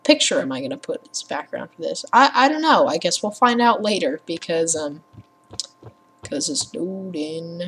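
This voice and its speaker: This gaming vlogger is a young woman whose husky, slightly bright voice sits on the low side, swinging widely in pitch at a moderate pace. Rambling casually from her home computer, she's sarcastic and quick to swear and rant, captured through a computer mic with headphones.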